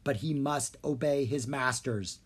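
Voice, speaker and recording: A reader putting on a wise dragon in a storybook, calm and slow. The voice stays steady and even. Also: mid-range voice, breathy edge.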